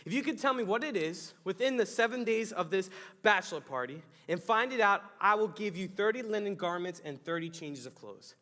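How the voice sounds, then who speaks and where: Young guy youth pastor, high voice, jokey and lively, reverby hall. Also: brisk. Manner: animated, jokey storytelling with acted-out exclamations. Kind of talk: youth sermon.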